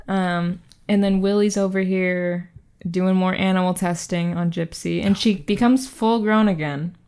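A woman's voice: fairly low pitch, steady tone, unhurried, darkish tone, smooth. Chatty young woman recapping a movie. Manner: chatty, filler-heavy, recaps plot with playful disbelief. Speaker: podcast co-host. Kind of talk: casual movie recap chat.

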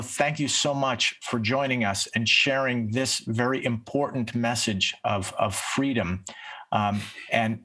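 Gentle, reassuring male host. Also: medium pitch. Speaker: radio or TV host. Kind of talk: interview sign-off.

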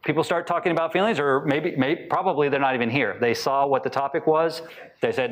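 A man giving a talk to a live audience, asking them many questions and acting out short quotes in lively voices. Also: medium pitch, fairly quick. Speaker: speaker teaching on attachment styles.

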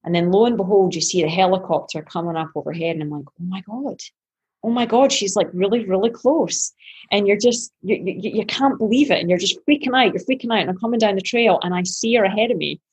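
A woman's voice: medium pitch, fast talker, few pauses, breathy edge. A woman triathlete guest telling a story in an interview, acting out her own past thoughts with animation.

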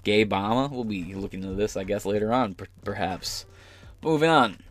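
A man's voice: fairly low pitch, fairly quick. A man hosting a podcast, delivering heated, sarcastic political commentary full of profanity. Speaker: podcast host.

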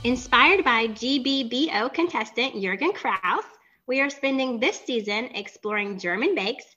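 A woman's voice: fairly high pitch, animated, normal speed, sharp tone, lo-fi sound, faint music behind. A woman co-hosting a baking podcast, chatting casually with lots of "like" fillers and frequent laughs. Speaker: podcast co-host. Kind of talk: casual chat about baking.

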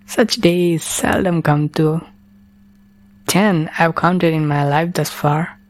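A woman's voice: low-pitched, steady tone, slow pace. A woman voicing a lazy, world-weary young man who sighs and mumbles his lines. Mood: musing.

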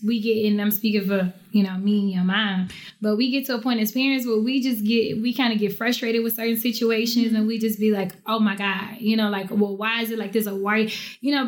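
Mom hosting a family podcast, kinda high voice, rambly storyteller, laughs a lot. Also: female voice, moderate pace. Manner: storytelling, animated when quoting, laughs often. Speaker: podcast host and parent. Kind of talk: casual family podcast chat.

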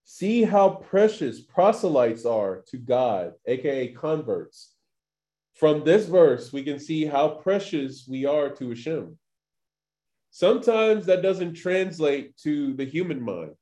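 In a slow, warm, slightly high and sing-song voice, a man teaches a scripture passage as a Torah teacher. The talk is casual and chatty, packed with filler words and acted-out quotes.

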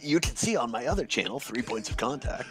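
A man's voice: mid-range voice, expressive, fairly quick, fairly bright tone, soft background music. A man in casual chat, laid-back, swearing often and laughing a lot.

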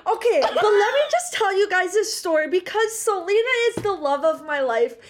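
A woman's voice: very high voice, expressive, normal speed, slight background noise. A young woman in her twenties, co-hosting a casual pop-culture podcast and telling stories in a bubbly, gushing way. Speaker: podcast co-host.

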